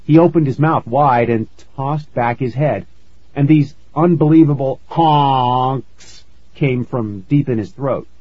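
A man narrating a first-person story in a measured storytelling manner, on a dull, lo-fi recording. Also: medium pitch, slightly rough, no room sound. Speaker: audiobook narrator.

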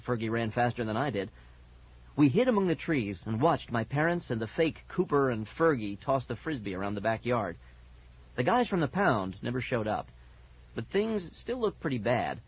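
A man narrating a first-person children's story with lively, animated expression. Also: medium pitch, breathy edge. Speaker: audiobook narrator. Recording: dull lo-fi audiobook recording.

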